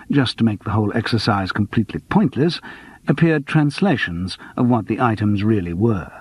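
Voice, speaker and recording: Measured male audiobook narrator. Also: medium pitch, no room sound. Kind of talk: scripted narration.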